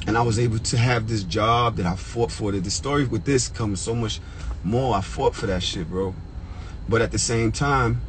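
A man in his middle pitch range tells a personal story casually, swearing freely. He swings from choked-up and quiet to loud and high when something riles him. A faint hum sits behind his voice. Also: low-quality recording. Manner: animated, profane, jumps to high excited pitch when worked up; emotional, gets choked up. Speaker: storyteller vlogger.

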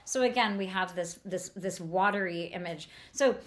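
A woman's voice: lowish voice, normal speed. A woman giving a literary lecture on a novel, thoughtful and enthusiastic, with frequent restarts and fillers. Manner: enthusiastic about the prose. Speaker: book lecturer.

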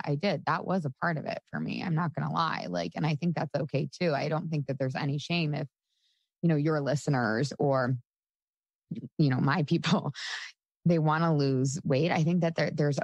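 A woman's voice: low-pitched, dry recording. Chatty woman coach, dry close mic. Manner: chatty, full of "like" fillers, laughs often. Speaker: podcast guest, coach. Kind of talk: casual interview talk.

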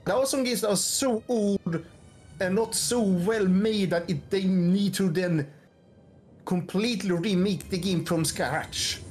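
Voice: mid-range voice, measured pace, darkish tone, slightly rough. Thoughtful stream co-host critiquing a game. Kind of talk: casual gameplay commentary. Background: game audio.

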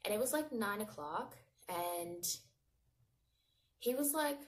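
A woman's voice: medium pitch, animated, slow. A woman in her twenties talking straight to her viewers in a personal vlog, heartfelt and rambling, leaning on fillers, close to tears with her voice catching. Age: 20s. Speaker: vlogger.

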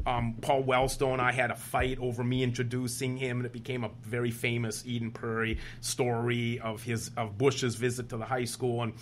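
A man's voice: medium pitch, moderate pace, hardly any pauses, a little hiss or hum. A man in his fifties from Wisconsin, telling stories animatedly as an interview guest and acting out other people's lines. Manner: lively, animated storyteller who acts out other people's lines. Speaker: guest, state senator and former teacher. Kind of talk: animated storytelling in a conversational interview.

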